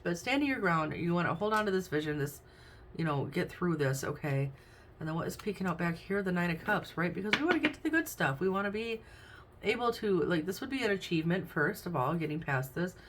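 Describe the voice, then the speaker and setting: A woman's voice: low-pitched, fairly bright tone. A woman giving a casual tarot reading at home, chatty, with frequent "um"s and "okay?"s. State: hiccups. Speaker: tarot reader. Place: home room with window open. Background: faint noise from outside.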